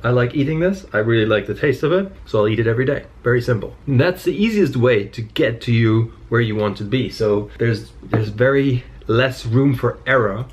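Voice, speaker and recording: A man in his mid-thirties chatting loosely to camera in a fitness vlog, telling stories and swearing freely. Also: medium pitch. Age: 30s. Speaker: fitness vlogger. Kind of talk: casual vlog chat.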